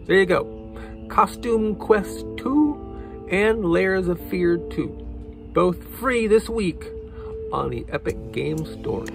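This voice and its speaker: Guy rambling about free games, gravelly voice, music going behind. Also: sits high, lively intonation, slow pace. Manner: casual, rambling, many fillers. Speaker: show co-host. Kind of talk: casual game recommendations.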